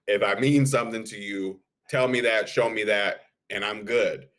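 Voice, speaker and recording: A man co-hosting a casual podcast, his voice sitting fairly low. He speaks frankly and bluntly about his feelings, with a laugh dropped in here and there. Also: normal speed, a bit bright. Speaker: podcast co-host. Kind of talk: casual chat.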